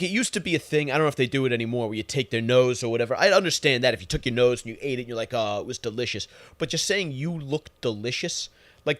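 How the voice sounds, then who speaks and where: A man's voice: medium pitch, no echo. A young man hosting a podcast, telling profane, sarcastic stories in an exasperated rant. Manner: crude, sarcastic, exasperated storytelling. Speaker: podcast host.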